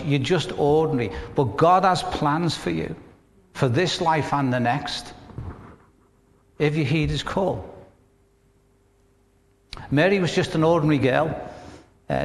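A man's voice: fairly high pitch, in a large hall. A man with a Northern English accent, preaching a sermon in a conversational way, with rhetorical questions and humor. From northern England. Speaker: pastor.

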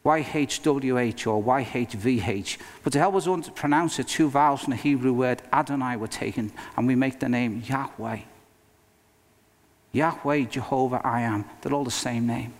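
Emphatic male pastor preaching in a reverberant hall. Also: mid-range voice. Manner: earnest, emphatic preaching with dramatic pauses. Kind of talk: sermon.

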